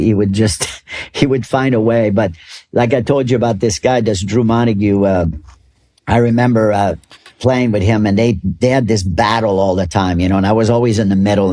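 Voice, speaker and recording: Older male guest, slightly low voice, rambling anecdotal storyteller who laughs a lot. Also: mellow. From Canada. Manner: rambling, laughs often, many restarts. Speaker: golf club ambassador. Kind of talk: storytelling interview.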